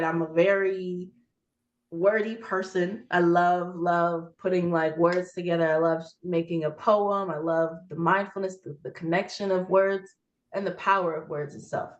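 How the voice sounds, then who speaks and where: A young adult woman speaks as an author guest in a relaxed interview, using informal slang. She tells her story with energy and jumps into a higher voice to replay what people said to her. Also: unhurried, muffled recording. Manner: animated storyteller who reenacts conversations in a raised voice. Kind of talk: casual interview chat.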